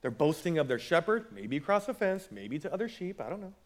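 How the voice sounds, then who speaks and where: A man's voice: on the high side, big pitch swings, fairly quick. A man preaching a sermon in a conversational way, often repeating words as he builds a point. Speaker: pastor.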